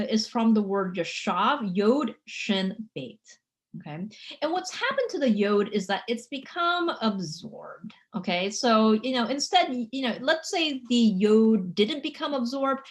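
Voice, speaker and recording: A woman lecturing on biblical Hebrew in a chatty way, full of fillers and frequent "okay?" checks, slowing down to sound out words. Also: on the high side, very animated. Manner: spells out Hebrew words slowly.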